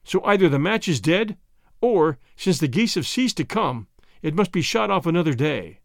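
A man's voice: a little high, sing-song, moderate pace, gravelly, dry recording, studio quality. A man voicing a stern, commanding Boer commandant. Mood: judicial. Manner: commanding, indignant.

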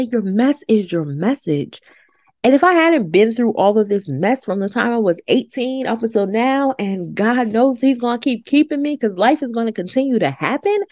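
A woman's voice: a little high, mellow, no room sound, clean studio sound. A woman in her forties hosting a podcast, talking in a heartfelt, emphatic way and repeating affirmations. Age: 40s. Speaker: podcast host. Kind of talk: personal reflective podcast talk.

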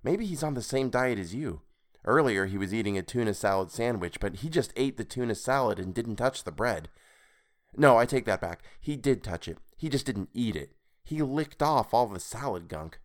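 A man's voice: mid-range voice, expressive, moderate pace, lightly acted. A man voicing a wry, chatty young woman office worker with a gossipy manner.

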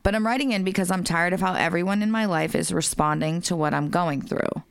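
Smooth-voiced woman reading letters. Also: fairly low pitch, a little fast, no room sound. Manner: laughing, swears freely. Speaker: podcast co-host reading listener messages. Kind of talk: casual podcast chat, reading letters aloud.

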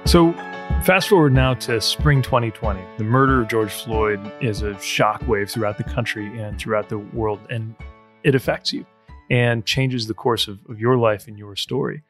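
A male interview host asking measured, thoughtful questions. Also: medium pitch, fairly bright tone, faint music behind.

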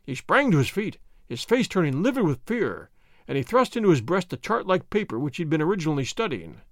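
A man narrating a classic detective story in the first person, with lively, expressive delivery. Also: on the high side, brisk, no echo, studio quality.

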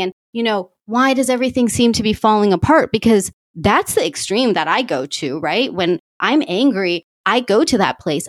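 A woman's voice: mid-range voice, no echo, studio quality. A woman hosting a podcast, talking candidly and animatedly about her own feelings in a reflective monologue. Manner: candid, animated, self-revealing. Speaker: podcast host.

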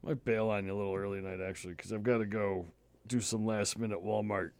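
A man's voice: fairly low pitch, fairly even intonation, quick pace, darkish tone, clean tone. A man in his thirties co-hosting a podcast, telling stories in a casual, profane, chatty way. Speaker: podcast co-host. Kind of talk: casual chat.

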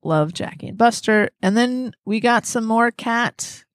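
A woman's voice: on the high side, unhurried, dry recording. Woman cohost reading fan mail, laughy and playful, dry close sound. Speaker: podcast co-host reading listener mail. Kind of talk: casual chat.

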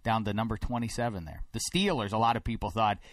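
A man from Pittsburgh hosting a sports talk show in a studio, rambling and getting more animated and emphatic as he goes. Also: lowish voice, fast, no room sound. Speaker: sports radio host. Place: broadcast studio.

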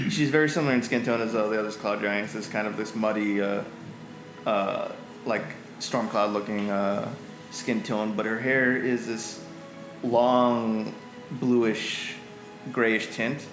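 Man narrating a tabletop game, halting. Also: fairly low pitch, steady tone, echoey room, soft background music, poor audio. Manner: halting, many fillers. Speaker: game master.

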